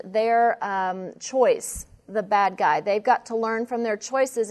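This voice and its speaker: A woman instructor explaining parenting ideas to a class, steady and explanatory, with frequent ums. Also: on the high side.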